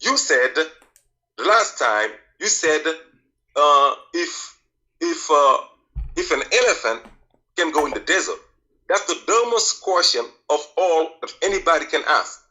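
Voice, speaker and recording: Combative male caller, bright forceful voice, a bit high. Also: lively intonation, unhurried, low-quality recording. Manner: insistent, combative, demands to finish. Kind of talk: heated call-in debate.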